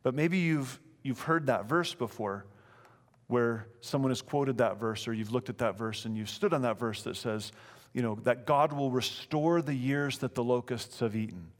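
A man's voice: mid-range voice, normal speed. A man preaching in a church sanctuary, reading scripture aloud and then expounding on it. His delivery is earnest and emphatic, often doubling back on phrases for weight. A long reverb from the big room trails behind each line. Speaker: pastor.

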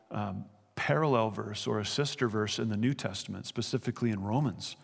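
Earnest male preacher in a reverberant hall. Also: medium pitch. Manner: earnest, conversational preaching with rhetorical questions. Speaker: pastor. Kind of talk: sermon.

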